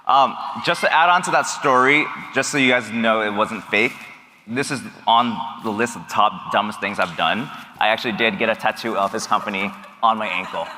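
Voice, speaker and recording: A man giving an energetic keynote on stage in a large conference hall, hyping the audience with call-and-response while losing his voice. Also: lowish voice, normal speed. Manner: hypes the crowd with call-and-response. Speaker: business coach speaking on stage. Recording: reverberant hall, loud crowd noise. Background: cheering crowd.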